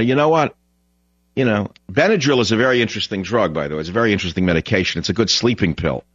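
A man's voice: on the low side, animated, quick pace, no echo, lo-fi sound. A man hosting a radio talk show, delivering a blunt, opinionated, rambling monologue.

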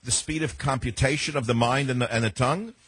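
A man's voice: medium pitch, quick pace, a bit bright, breathy edge, dry recording. An older man hosting a call-in talk radio show, talking in a sardonic, rambling way with heavy sarcasm.

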